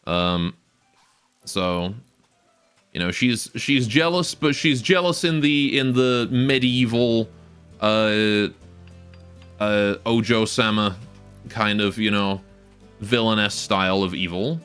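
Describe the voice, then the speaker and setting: A man's voice: fairly low pitch, slow, pauses often, fairly bright tone, smooth, soft background music. A young man casually commenting on his game live, rambling, joking and often laughing, on a close cheap stage mic. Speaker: game streamer.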